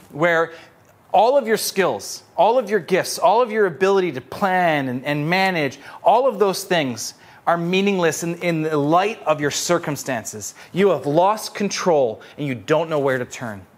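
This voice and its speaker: A young adult male pastor preaching a sermon with animated storytelling, repeating phrases for emphasis. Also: a little high, moderate pace.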